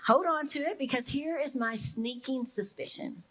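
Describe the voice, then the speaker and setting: A young woman pastor with a high-sitting voice preaches at normal speed in a casual, reflective way. She leans on lots of fillers, talks to her congregation as in conversation, and dramatizes their inner responses, all on a low-quality recording.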